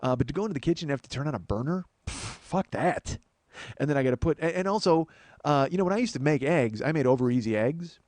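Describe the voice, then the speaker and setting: A man's voice: a little high, lively intonation, fast talker, darkish tone, no echo. A man hosting a podcast, delivering a comedic monologue in a profane, ranting, self-mocking way and calling his listeners folks.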